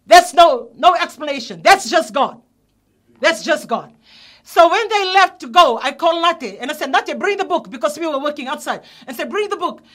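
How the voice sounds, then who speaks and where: Woman pastor, high voice, earnest testimony turning into emphatic preaching. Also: bright, forceful tone. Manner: earnest storytelling, rising to emphatic exhortation. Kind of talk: testimony sermon.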